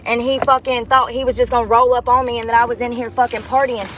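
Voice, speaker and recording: A woman's voice: high-pitched, fairly even intonation, brisk, a bit bright. A woman vlogger ranting angrily and bluntly to the camera from inside her car at night, swearing often. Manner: angry, profane, blunt. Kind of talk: heated rant to the camera.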